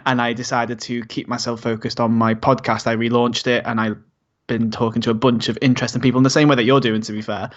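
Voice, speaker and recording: A man's voice: medium pitch, flat delivery, fast talker, muffled recording. A man from Liverpool with a Scouse accent, a chatty guest in a casual conversation, rambling and laughing often. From Liverpool, England. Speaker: guest, podcaster and activist.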